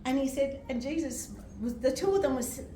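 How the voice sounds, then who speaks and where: An older woman preaches gently from a distance, her voice bouncing around an echoey hall. She shares personal testimony with emotion and laughs often as she speaks. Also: sits high, a little fast, slight background noise. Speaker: medium and reverend. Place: church hall.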